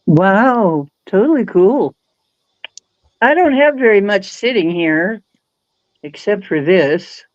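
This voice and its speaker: A woman from the United States chatting casually about her crafts in a relaxed, matter-of-fact way. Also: medium pitch, slow, pauses often, lo-fi sound. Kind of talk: casual chat.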